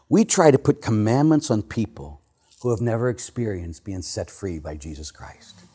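Animated priest with a lively voice. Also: male voice, medium pitch, slightly rough. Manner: animated storytelling, laughs at himself. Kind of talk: sermon.

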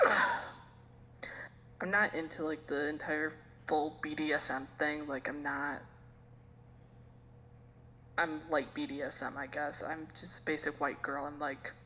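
Low, bright-toned woman, frank and self-deprecating. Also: steady tone, slow pace, pauses often. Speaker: podcast guest. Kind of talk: casual chat. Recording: dull, echoey recording with faint hiss.

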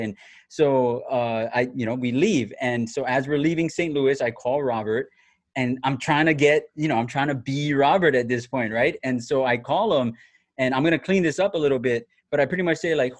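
Animated man telling a story, dry sound. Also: mid-range voice, normal speed, no echo. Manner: animated, laughing, many restarts and fillers. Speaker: former TV reporter telling a story. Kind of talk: casual storytelling chat.

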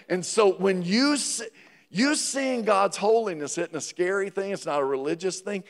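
A man's voice: high-pitched, normal speed. A man, a pastor preaching a sermon, calling on the congregation to answer back. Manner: call-and-response preaching, prodding the congregation. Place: church sanctuary. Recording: long reverb of a large hall.

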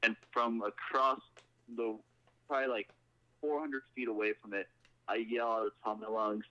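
A man's voice: medium pitch, fairly even intonation, moderate pace, pushed and bright, muffled recording. A man in his twenties, a podcast guest, telling a rambling story in casual chat. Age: 20s.

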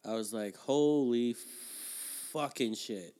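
A man of middle pitch telling a rambling story on a podcast. He swears freely and talks loosely, with plenty of fillers. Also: takes it slowly, warm tone. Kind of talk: casual podcast chat.

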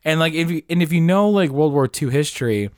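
Rambling, animated man telling a story. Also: on the high side, fairly quick, no room sound, studio quality. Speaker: podcast host. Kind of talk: casual chat.

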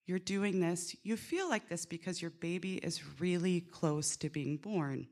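A woman working as a doula, telling a lively true story with swearing, acting out the people she quotes. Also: fairly low pitch, measured pace. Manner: animated, swearing, acts out quotes. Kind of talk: live storytelling.

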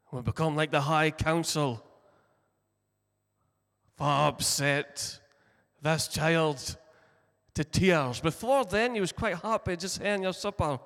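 A Scottish man delivers a sermon from the pulpit, unhurried and deliberate, leaning on his key phrases. His voice sits a little high for a man, and the words ring out in a long hall reverb. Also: vocal fry, a bit bright. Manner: earnest storytelling preacher, slow deliberate emphasis. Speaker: pastor.

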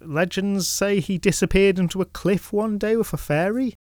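A man voicing a bewildered old shepherd who speaks in a thick, halting way. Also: high-pitched, a little mellow, no room sound, studio quality, voice pushed up, close to an everyday voice. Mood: puzzled. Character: bewildered old male shepherd, humble, unsettled.

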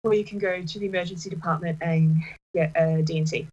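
A woman telling a personal story in casual chat, halting, with many restarts. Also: fairly low pitch, steady tone, a little mellow, lo-fi sound. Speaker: partner sharing a personal story.

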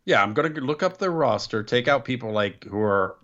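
A man's voice: mid-range voice, animated, brisk, fairly bright tone. A man co-hosting a casual wrestling podcast, making dry joking asides. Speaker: podcast co-host. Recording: dull lo-fi sound.

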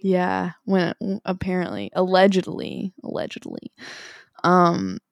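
A young adult woman co-hosting a podcast, chatting casually and telling stories with animated pitch jumps. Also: fairly quick, gravelly, no echo, studio quality. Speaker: podcast co-host. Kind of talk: casual chat.

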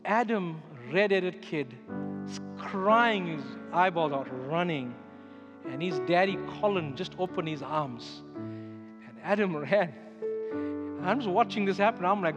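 A man's voice: high voice, measured pace. A man, a pastor, preaching a sermon with emphatic storytelling. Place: church sanctuary. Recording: echoey church hall with music underneath.

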